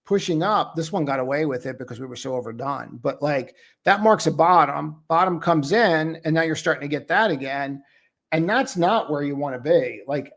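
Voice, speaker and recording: A man hosting a live trading stream, talking casually and bluntly through market charts with lots of filler words. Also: on the high side. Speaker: trading show host.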